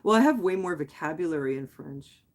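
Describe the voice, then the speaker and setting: A woman's voice: low-pitched, lively intonation, brisk. A woman from Quebec, a native English speaker, hosting a casual late-night livestream and answering viewers' comments in a rambling, candid way. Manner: rambling and candid, thinking aloud with many "like"s and restarts. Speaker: livestream host.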